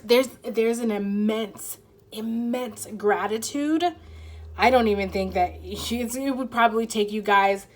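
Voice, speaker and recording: Teary woman reading tarot cards, earnest, swears a lot, says like a lot. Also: medium pitch. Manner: earnest, swears freely, many fillers. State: holding back tears. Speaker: tarot reader. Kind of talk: casual emotional tarot reading.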